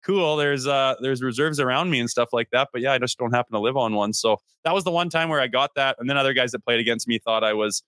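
A man in his thirties co-hosts a casual hockey podcast in a bright, forward voice. He talks loosely, swears freely and acts out people in his stories. The sound is close and dry. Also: mid-range voice, fast, few pauses, dry recording. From Canada. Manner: loose, swearing, storytelling with animated quoted voices. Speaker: podcast co-host. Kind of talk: casual sports podcast chat.

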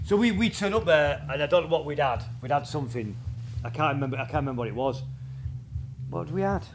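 A man, a guest drummer telling rambling, halting anecdotes in a casual interview. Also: on the high side, lively intonation, background noise. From England.

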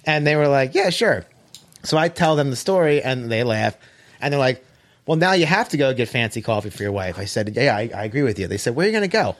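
A man telling a long story in casual chat, animated, swearing and acting out quoted dialogue. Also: mid-range voice, quick pace.

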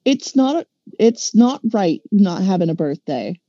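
A woman's voice: mid-range voice, sing-song, a little slow, dark tone, no echo, lo-fi sound. A woman voicing a determined young noble girl who speaks firmly and insistently while reading a storybook aloud. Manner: firm, insistent.

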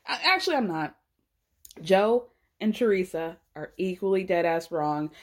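A young adult woman hosting a podcast, recapping a reality show in casual, animated chat, swearing freely and mimicking the people she talks about. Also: lowish voice. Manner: animated, swears freely, mimics cast members in quick asides.

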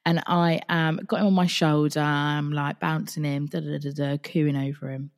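A woman's voice: low voice, level tone, moderate pace. A woman podcast host, candidly retelling a personal dream in a chatty, casual way with some swearing. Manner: recounts a dream in the present tense.

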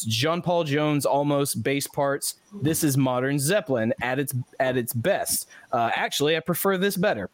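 A man's voice: medium pitch, no room sound. A man hosting a podcast, chatting casually and reading out listener comments with frequent laughs and fillers. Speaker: podcast host.

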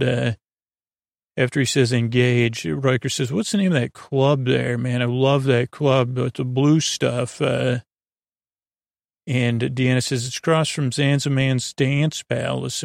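Flat, gravelly man rambling a recap. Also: medium pitch, dry recording, clean studio sound. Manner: meandering, full of fillers and loose paraphrase. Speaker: podcast host. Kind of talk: rambling episode recap for sleep.

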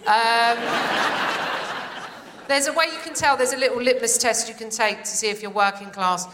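A woman's voice: on the high side, moderate pace, fairly bright tone, a little hiss or hum. A British woman in her forties doing a sardonic, punchy stand-up set. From Britain. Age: 40s. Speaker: stand-up comedian. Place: theatre stage with live audience. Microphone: stage microphone.

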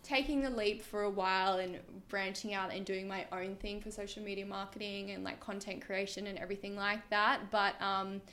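A woman's voice: medium pitch, flat delivery, moderate pace, few pauses, fairly bright tone. A young Australian woman in her twenties, a comedy creator chatting casually as a podcast guest, peppering her talk with fillers and swearing.

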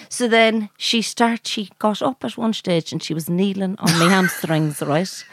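A woman's voice: mid-range voice, normal speed, no room sound. A woman with an Irish accent from Mayo, telling a comic anecdote in casual chat, swearing freely and laughing as she goes. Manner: animated, swearing, laughing through her story.

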